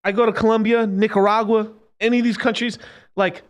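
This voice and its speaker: A man's voice: sits high, little pitch movement, brisk. A man hosting a crypto livestream, ranting in an unfiltered casual way, profane and emphatic, repeating phrases and mocking others. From Mexican.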